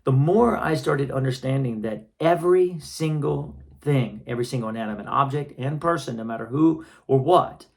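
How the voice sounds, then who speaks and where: A man giving a spiritual healing lesson in a calm, patient way, often checking that listeners follow and repeating key phrases. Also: mid-range voice, moderate pace, vocal fry, few pauses. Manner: repetitive, reflective phrasing. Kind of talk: teaching talk to an audience.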